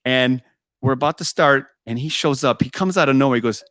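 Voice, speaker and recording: Speaking fairly quickly in a mid-range voice, this guest musician shares tour anecdotes during a relaxed interview recorded cleanly in a studio with no echo. He laughs frequently, performs the conversations he recounts, and keeps using "I go."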